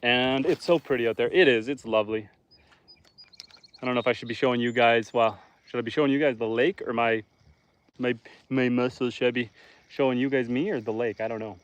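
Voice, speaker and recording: Fishing lakeside on a livestream, a northern Canadian homesteader talks to his chat in a chatty, joking way. He speaks a little fast in a steady, mid-range voice with a clean tone.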